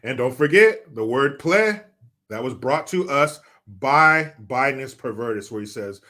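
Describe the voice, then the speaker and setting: A man's voice: mid-range voice, lively intonation, unhurried, pushed and bright. A man reading viewer comments on a live stream, joking, swearing and mock-outraged.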